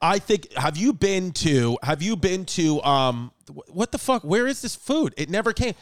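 A man hosting a podcast, telling stories in a quick, restless way. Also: high voice, very animated, dry recording. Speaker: podcast host. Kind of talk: casual chat.

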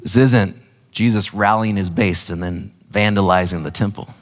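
A man's voice: fairly low pitch, moderate pace. A male pastor preaching a sermon in an earnest, impassioned way with emphatic repetition. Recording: echoey hall.

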